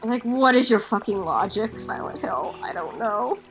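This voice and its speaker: A woman's voice: a little high, expressive, moderate pace, over loud music, poor audio. A woman streaming a horror game with friends, chatting casually, swearing and laughing until she is breathless. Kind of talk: casual let's-play chat.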